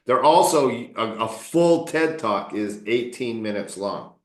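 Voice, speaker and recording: A man's voice: mid-range voice, lively intonation, slow pace. A man coaching an English learner, explaining patiently and checking often that his student follows. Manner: explains patiently, keeps checking understanding with "okay?". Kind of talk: tutoring session. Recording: roomy echo.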